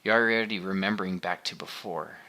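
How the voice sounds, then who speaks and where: A man voicing a soft-spoken, tender mother. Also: sits low, brisk. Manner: soft, soothing, quiet. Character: gentle mother, tearful, patient and tender.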